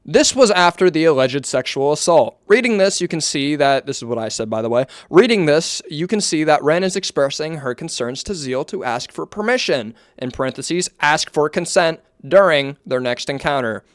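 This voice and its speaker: Guy doing a commentary vid, reads off his notes, kinda higher voice, smooth, tosses in casual swears. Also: animated, dry recording, clean studio sound. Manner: reads aloud in a measured tone, with casual asides and swearing. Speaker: online commentator.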